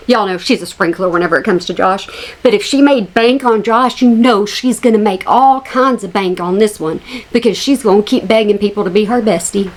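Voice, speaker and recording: A woman's voice: mid-range voice, normal speed. A woman hosting a reaction commentary, sassy and mocking as she talks straight to her viewers. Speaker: commentary channel host.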